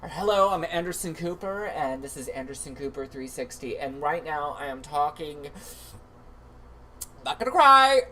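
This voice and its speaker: A man's voice: on the high side, expressive, normal speed, bright, forceful tone, slight background noise. A man impersonating an over-emotional male news anchor who keeps fighting back tears. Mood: weepy. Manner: tearful, breathless, melodramatic.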